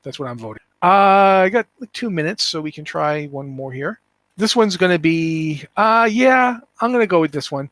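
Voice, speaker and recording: A man hosting a casual podcast, talking in an animated, rambling way with many restarts. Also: a little high, normal speed, dry recording. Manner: animated, rambling, self-interrupting. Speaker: podcast host.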